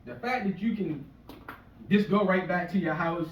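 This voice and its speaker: A man's voice: high-pitched, moderate pace, muffled recording. A man in his forties from the US East Coast shore doing a rambling, profane stand-up rant in a conversational way. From US East Coast shore area. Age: 40s. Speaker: stand-up comedian. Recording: echoey room, mic from a distance, faint noise.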